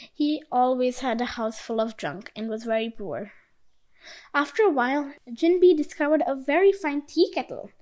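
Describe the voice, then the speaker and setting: A woman with a high, light voice reads a folk tale aloud. Her narration is expressive and animated, lifting for surprises and dropping for quiet moments. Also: rough recording. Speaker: storyteller. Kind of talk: storybook narration.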